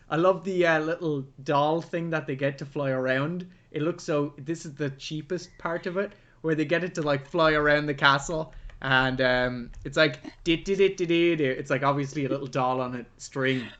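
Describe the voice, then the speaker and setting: A man co-hosting a casual film review podcast, retelling the plot in an animated way and swearing freely. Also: a little high, normal speed, few pauses, highs cut off. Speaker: podcast co-host.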